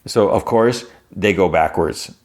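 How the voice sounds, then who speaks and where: A man's voice: low-pitched, measured pace, a little mellow. A man hosting a podcast, casually recapping a show in a rambling way. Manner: rambling, with many restarts and "he's like". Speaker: podcast host.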